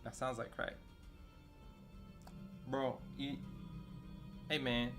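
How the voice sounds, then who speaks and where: A man's voice: mid-range voice, takes it slowly, gravelly, long pauses. A man streaming a video game, chatting in a loose, rambling way full of fillers and casual slang. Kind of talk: casual chat while streaming gameplay. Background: faint background music.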